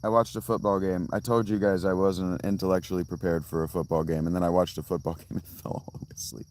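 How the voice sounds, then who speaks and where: A man with a deep, low voice talks loosely to his live-stream viewers from outdoors by a fountain. He rambles from one tangent to the next, restarting his sentences as he answers the chat. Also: level tone, fast talker, darkish tone, slight background noise. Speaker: livestreamer reading chat.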